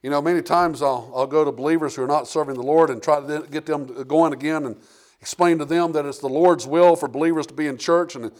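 A man preaching a sermon with emphatic delivery, reading scripture aloud and swinging between loud and quiet passages. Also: on the high side, steady tone, fairly quick. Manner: emphatic preaching, rising and falling in volume, reads scripture aloud.

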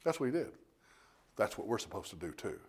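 A man preaching a sermon in a folksy storytelling way, calling out for amens and swinging between loud emphasis and hushed tones. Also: fairly low pitch, sing-song, brisk, slightly rough. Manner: folksy storytelling, calls out "Amen?".

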